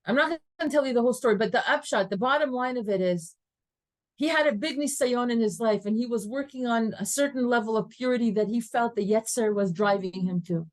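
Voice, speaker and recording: A woman with a slightly high voice, teaching a class in an animated storytelling style. She laughs easily, leans into her stories and mixes Hebrew terms into her talk. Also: a little fast. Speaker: Torah teacher. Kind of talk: lively class lecture. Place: classroom with students.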